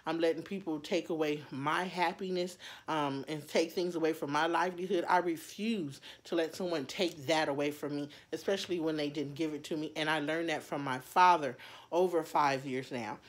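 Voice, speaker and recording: A woman vlogger talking personally to her viewers in an earnest, heartfelt way, halting often with fillers and restarts. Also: low voice, fairly even intonation. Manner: heartfelt, speaks straight to viewers. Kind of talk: personal talk to camera.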